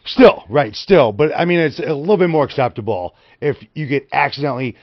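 A man hosting a podcast, jumping in with quick reactions and eager follow-up questions. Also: on the high side, lively intonation, no room sound, muffled recording. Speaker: podcast host. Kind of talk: casual podcast chat.

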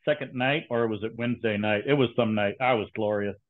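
A man's voice: on the low side, a little fast. A man casually telling stories from his training days, with dry, teasing banter. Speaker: former SEAL guest. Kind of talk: casual storytelling chat. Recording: tinny phone-like line.

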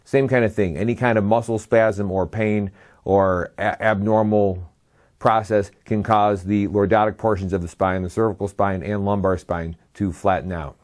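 A man's voice: fairly low pitch, fairly even intonation, moderate pace, a little mellow. A man giving a slide lecture as a medical lecturer. He lists terms one by one in a methodical way and adds brief dry asides.

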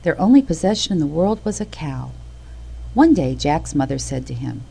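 A woman reads a children's storybook aloud with an animated delivery. Her voice sits very low with a gravelly edge, and her pitch rises and falls widely to keep the tale lively. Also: normal speed, rough recording. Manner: expressive, animated reading.

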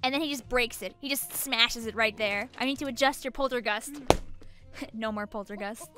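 A woman streaming a video game, chatting casually to viewers in an excitable, giggly way and cooing over cute things. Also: on the high side, moderate pace, faint music behind. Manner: excitable, giggly, coos at the cute dog, squeals "no!". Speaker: gaming streamer. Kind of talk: casual let's-play commentary.

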